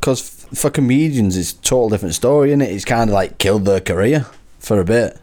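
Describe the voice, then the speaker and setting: A man's voice: fairly low pitch, fast, a little mellow. A man with a Wigan accent hosting a casual podcast chat, joking and laughing often. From Wigan, England. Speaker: podcast host.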